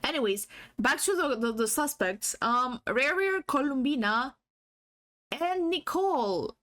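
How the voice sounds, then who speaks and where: High-voiced rambling woman streamer. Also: animated, slow pace, a bit bright. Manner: rambling, giggly, swears freely; many fillers and restarts. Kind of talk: casual livestream chat. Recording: faulty stream audio.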